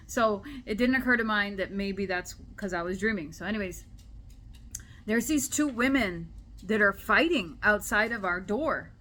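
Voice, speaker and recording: A woman telling a personal spiritual story to camera in an animated, chatty way. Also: medium pitch, unhurried. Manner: animated, chatty, acts out quoted voices. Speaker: spiritual vlogger. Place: indoor room at home.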